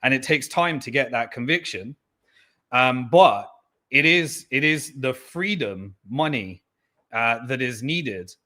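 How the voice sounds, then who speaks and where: A man answers an interviewer earnestly, filling his pauses with "um". His voice is bright and sharp. His pitch sits in the middle range. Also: animated. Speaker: interview guest. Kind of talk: candid interview talk.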